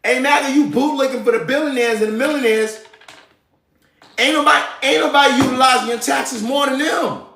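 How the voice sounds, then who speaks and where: A man's voice: very high voice, brisk, creaky, bright, forceful tone, reverberant, a little hiss or hum. A man hosting a live show, ranting about politics in a heated, slangy, profane way. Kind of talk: casual political rant.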